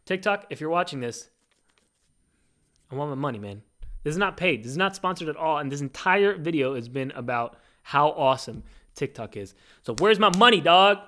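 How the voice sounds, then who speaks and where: A man hosting his own podcast, talking in an animated, rambling casual monologue full of fillers. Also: on the high side, normal speed. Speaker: podcast host.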